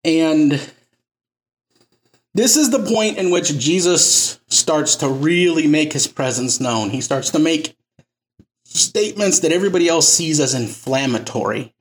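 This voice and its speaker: A man's voice: on the high side, lively intonation, a little slow. A man preaching an informal sermon as a pastor, talking loosely and conversationally and working jokes into his teaching.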